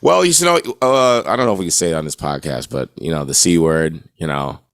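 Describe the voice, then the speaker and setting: A man's voice: rumbling low, expressive, a little fast, fairly bright tone, clear, resonant tone, no echo, clean studio sound. An American man who is a guest guitarist on a podcast, talking in a laid-back, casual way and swearing freely. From United States. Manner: laid-back, swears freely, keeps asking "you know what I'm saying".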